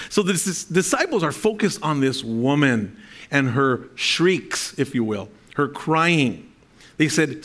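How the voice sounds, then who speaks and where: A man's voice: fairly high pitch, lively intonation, unhurried, a bit bright. A man preaching a sermon to a congregation. He reads scripture aloud, explains it, and often restarts his sentences. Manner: speaks to a congregation, asking for amens. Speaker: pastor.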